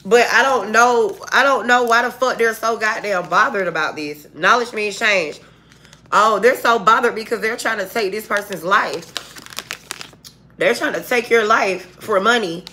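Bright-voiced woman giving a profane tarot reading. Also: mid-range voice, moderate pace. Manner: blunt, profane, heated street talk. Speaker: tarot reader. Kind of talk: casual tarot reading to viewers.

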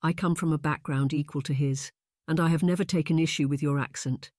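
A narrator voicing a composed, sharp-tongued young lady who speaks flat and measured. Read close and dry as an audiobook character. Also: mid-range voice, no echo, lightly acted.

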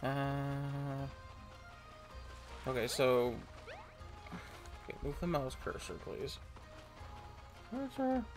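A man's voice: mid-range voice, big pitch swings, very slow, long pauses, music in the background. A man playing a video game and commenting casually, playfully reading the game's lines aloud in silly voices. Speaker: let's play gamer. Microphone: desk microphone at a computer.

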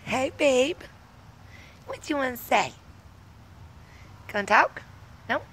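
A woman's voice: high-pitched, lively intonation, takes it slowly, a bit bright, a little hiss or hum. A woman talking to a toddler outdoors in sing-song, coaxing baby talk, repeating simple words. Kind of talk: home video baby talk. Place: outdoors in a yard.

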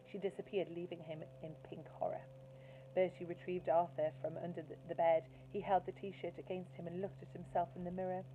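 A woman's voice: fairly low pitch, fairly quick, slightly rough. Woman reading a children's story aloud. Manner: lively storytelling, asking listeners questions. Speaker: primary school teacher. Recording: tinny phone-like sound, faint hiss.

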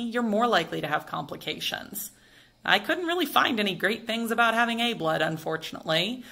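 A woman's voice: mid-range voice, pushed and bright. A woman teaching a science lesson in a chatty, conversational way, posing and answering rhetorical questions. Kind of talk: casual explainer lesson.

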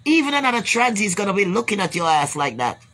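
Talking fast and very animatedly, the Jamaican vlogger has a husky, fairly bright voice of medium pitch. She rambles to camera with blunt swearing and repeated points, wrapping up with blessings for her viewers.

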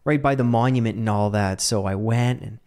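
A man's voice: on the low side, fairly quick, a little mellow, clean tone. A man hosting a solo podcast, talking casually and animatedly, laughing often and swearing now and then. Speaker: podcast host.

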